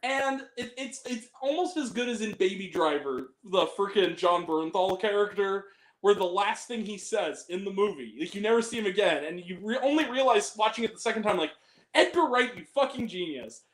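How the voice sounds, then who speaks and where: A man hosting a live Q&A, chatting about movies in an animated, rambling way and swearing freely. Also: high voice, moderate pace. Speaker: host. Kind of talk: casual movie chat.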